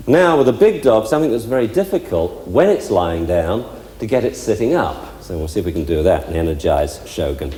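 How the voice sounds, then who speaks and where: A man's voice: lowish voice, very animated, a little fast, warm tone. A man working as a dog trainer, explaining step by step in a chatty way during a live demonstration with several dogs. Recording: echoey hall with faint ambience.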